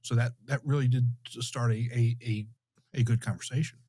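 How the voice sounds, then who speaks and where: A man hosting a podcast, talking reflectively in a halting, conversational way. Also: mid-range voice, steady tone, dark tone, breathy edge, no room sound. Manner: reflective, halting, many restarts. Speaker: podcast host. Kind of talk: conversational interview.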